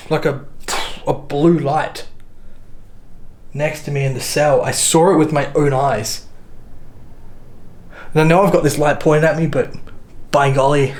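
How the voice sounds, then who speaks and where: A man hosting a ghost hunt, politely and earnestly addressing spirits in an old jail cell, with chatty asides. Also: fairly high pitch. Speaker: paranormal investigator host.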